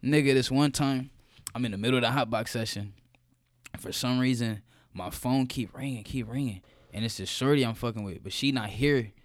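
A man's voice: medium pitch, moderate pace, dry recording. Young man, casual slangy storyteller, dry close sound, cusses freely. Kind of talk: casual chat.

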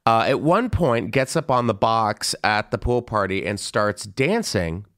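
A young man telling a story in a casual podcast chat, animated and gossipy, jumping into high squealing voices when he quotes people. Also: a little slow. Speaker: podcast host.

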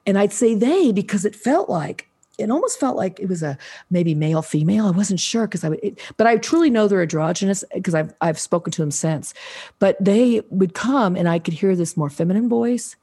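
A woman in her sixties, a podcast guest, telling a personal story in a lively way and acting out the voices of the people in it. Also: medium pitch, fairly quick, slightly rough. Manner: animated, acts out quoted voices, restarts often. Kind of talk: casual storytelling interview.

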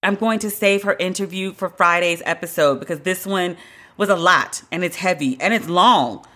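A woman's voice: on the low side, moderate pace, sharp tone. A woman hosting a solo podcast, talking in a blunt, emphatic, conversational way and drawing out the words she stresses. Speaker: podcast host.

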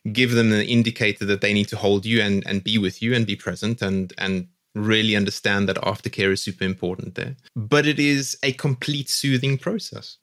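A man appearing as a clinical psychologist guest on a podcast. He explains things in a calm, measured way. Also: medium pitch. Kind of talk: podcast interview answer.

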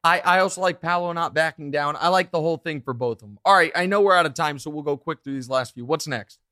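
A man in his thirties hosting a casual podcast, telling stories with quick asides. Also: a little high, no room sound, studio quality. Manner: animated storyteller, quick asides. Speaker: podcast host.

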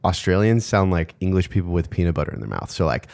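A man with a very low, deep voice co-hosts a podcast in easygoing chat. He is playful and laughs often. The recording is close and dry, with no room sound. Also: big pitch swings, fast talker, vocal fry, hardly any pauses, a little mellow, dry recording. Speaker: podcast co-host. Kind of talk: casual chat.

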